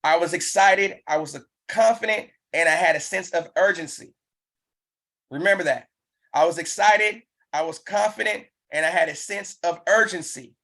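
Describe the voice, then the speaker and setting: A man's voice: high-pitched, moderate pace, a bit bright. Male business trainer, live online session, emphatic and repetitive, pushes the audience to act. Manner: pumped-up, urging.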